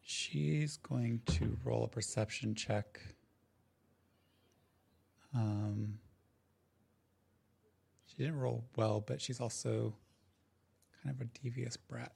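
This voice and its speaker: A man narrating as game master of a tabletop role-playing game, describing scenes in a relaxed way. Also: medium pitch, creaky, breathy edge. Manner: relaxed, descriptive, with frequent restarts.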